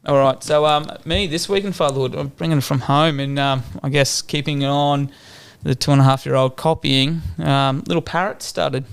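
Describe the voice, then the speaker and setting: A man's voice: fairly high pitch, fairly even intonation, moderate pace, vocal fry, hardly any pauses, clean tone. A man in his thirties, a father and teacher, telling family stories on a casual podcast and laughing often. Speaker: podcast co-host. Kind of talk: casual chat.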